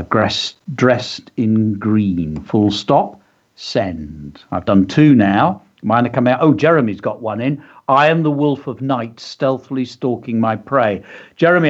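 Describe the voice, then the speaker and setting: A man runs a live writing lesson over the radio. He reads pupils' lines aloud and coaches them warmly. His voice sits at an ordinary middle pitch, and the sound is muffled and lo-fi. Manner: encouraging, thinks aloud while composing, coaching tone. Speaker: radio show host and writing teacher. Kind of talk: live writing workshop, reading out and praising submissions.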